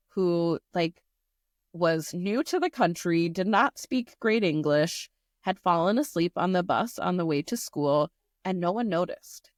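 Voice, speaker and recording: A woman's voice: on the low side, no room sound, studio quality. A woman who teaches, chatting casually and telling a classroom story with lots of fillers. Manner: animated storyteller, many "like" fillers. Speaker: podcast co-host, teacher.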